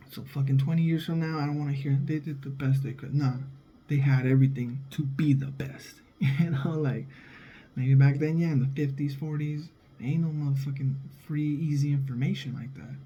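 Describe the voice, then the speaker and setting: A man's voice: on the high side, fairly even intonation, normal speed, warm tone, dull audio, slight background noise. A young adult man and father, talking in a blunt, heated, profane casual monologue. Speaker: vlogger, father.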